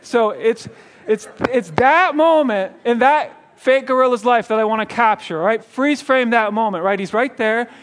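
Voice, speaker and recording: A man's voice: very high-pitched, measured pace, hardly any pauses. A man preaching as a guest speaker, telling a joke story with chuckles and stumbling restarts. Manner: storytelling with laughs and repeated restarts. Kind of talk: sermon. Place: church.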